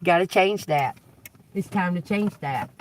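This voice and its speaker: This woman tarot reader speaks low and unhurried during casual livestream chat, heard from a distance over faint hiss or hum. Profane and direct, she laughs often and lectures her audience collectively.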